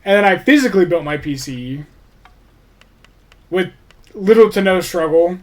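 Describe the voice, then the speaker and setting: A man's voice: high-pitched, lively intonation, moderate pace. A man chatting casually on his livestream, rambling, restarting sentences and swearing offhandedly.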